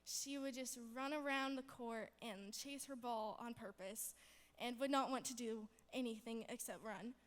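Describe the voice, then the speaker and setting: A woman's voice: on the high side, unhurried. A young woman giving a chapel testimony, bubbly and rambling, with lots of fillers. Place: chapel hall. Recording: long hall reverb.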